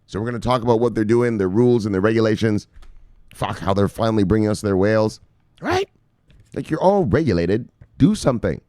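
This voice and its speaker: A man's voice: fairly low pitch, animated, a little fast, mellow, no echo, clean studio sound. A man hosting crypto news, ranting with casual profanity and lots of fillers. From United States.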